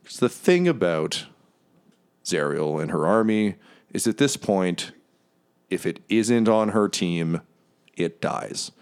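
A man's voice: deep voice, animated, takes it slowly, long pauses, a little mellow, clear, resonant tone. A man narrating as game master in a loose, rambling way, full of fillers.

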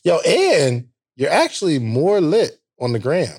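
A man's voice: a little high, huge pitch swings, unhurried, a little mellow, breathy edge. A man co-hosting a podcast in casual chat, laughing a lot and teasing playfully. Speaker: podcast co-host.

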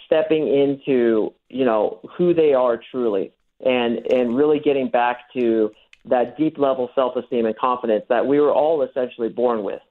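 A dating coach, speaking at medium pitch and normal speed, walks a radio interviewer through his techniques. He performs the quoted lines he uses on people, and the audio has the thin quality of a phone line.

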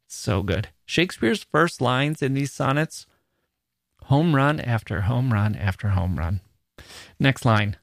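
A man in mid pitch talks through a poem with playful enthusiasm, reading lines aloud and tapping out their rhythm with his voice. The sound is close and dry, with no room around it. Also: expressive, slow pace, gravelly, no echo. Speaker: podcast host. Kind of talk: enthusiastic literary lecture.

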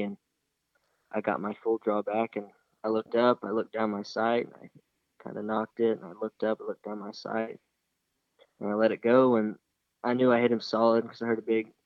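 A man's voice: fairly low pitch, gravelly, no room sound, narrow, tinny audio. A young man casually retelling a hunting story, rambling and acting out the dialogue. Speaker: hunter telling a story.

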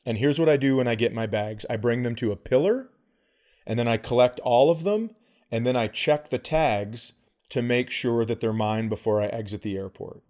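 A man's voice: mid-range voice, normal speed, darkish tone. A man co-hosting a podcast, telling a story in casual chat, acting out the quotes and swearing a lot. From American Midwest. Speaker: podcast co-host, comedian.

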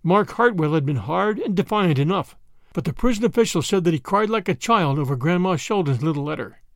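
A man narrating a classic short story as a podcast host, in expressive, measured storytelling. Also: high-pitched, no echo, clean studio sound, faint music behind.

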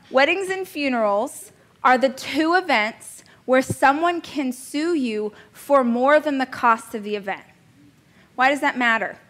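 A woman's voice: a little high, a bit bright. A woman in her thirties teaching a business coaching class in a chatty, joking way, laughing at herself now and then. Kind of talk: casual coaching class talk.

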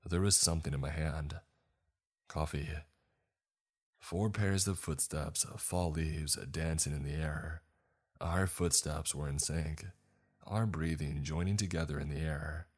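A man narrating a horror story in a measured, somber first-person voice. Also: rumbling low, steady tone, breathy edge.

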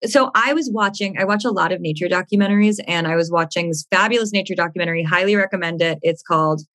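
A woman's voice: on the low side, quick pace, fairly bright tone. A young woman hosting an astrology podcast, gushing and rambling in casual chat, laughing often.

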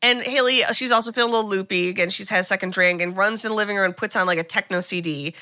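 A woman's voice: mid-range voice, rapid-fire, bright, forceful tone, dry recording, clean studio sound. A woman co-hosting a podcast, retelling a movie plot in casual, chatty talk full of "like" and the odd swear word. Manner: chatty, frequent "like", swears freely. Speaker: podcast co-host. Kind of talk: casual film recap chat.

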